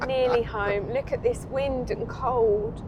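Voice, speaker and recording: Jokey Somerset woman, somewhat high voice, chatting over car rumble. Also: fairly even intonation, slow, muffled recording. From Somerset, England. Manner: playful, jokey. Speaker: van build vlogger. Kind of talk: casual chat in a car. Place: inside a moving car. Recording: car rumble and road noise.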